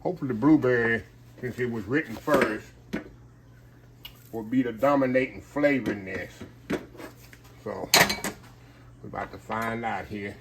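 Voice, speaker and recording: A man's voice: mid-range voice, unhurried, pauses often, background noise. A man hosting a casual home cooking vlog, folksy and chatty, calling his viewers y'all. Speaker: cooking vlogger.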